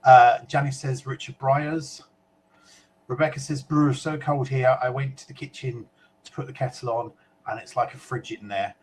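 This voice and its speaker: A man's voice: medium pitch, steady tone, normal speed, darkish tone, a little hiss or hum, poor audio. A man from the UK co-hosting a casual web chat show, reading out viewer comments in a chatty way with fillers and small asides.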